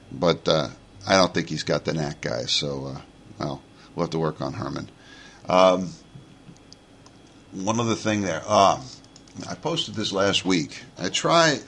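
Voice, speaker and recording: A man's voice: sits low, pushed and bright. A man in his forties from New York, with a New York accent, hosting a podcast in a rambling, chatty monologue full of fillers and restarts. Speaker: podcast host.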